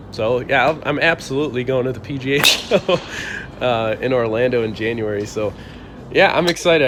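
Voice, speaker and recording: A young man from around Buffalo tells a personal story in a casual vlog, speaking at a mid pitch. He is lively and laughs a lot. His voice jumps up when he quotes other people. A faint noise runs under the recording. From Buffalo, New York area. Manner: animated, laughs often, acts out quoted lines with a raised voice. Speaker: channel host telling a story.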